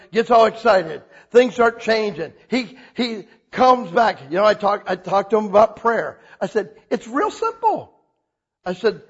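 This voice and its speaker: A man preaching a sermon as a pastor, telling stories with lively acted-out quotes. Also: breathy edge, highs cut off. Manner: animated storytelling, acts out quotes with big pitch jumps.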